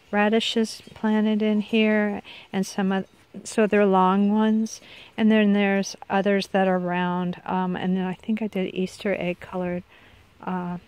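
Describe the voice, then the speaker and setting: A woman's voice: mid-range voice, darkish tone, clean tone, no room sound. Chatty middle-aged woman touring her garden. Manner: rambling, chatty, self-correcting. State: unwell, with hiccups. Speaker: vlogger showing her garden. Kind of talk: casual garden tour. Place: outdoor backyard garden.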